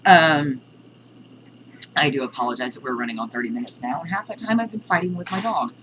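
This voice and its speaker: A woman teaching a casual video lesson on witchcraft terms, explaining in a halting, list-like way. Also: very deep voice, noisy background.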